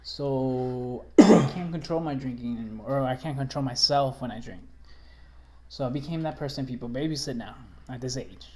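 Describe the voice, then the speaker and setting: A man's voice: mid-range voice, moderate pace, warm tone. A man co-hosting a podcast, talking casually in a rambling, profane way full of fillers and restarts. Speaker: podcast co-host. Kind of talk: casual chat.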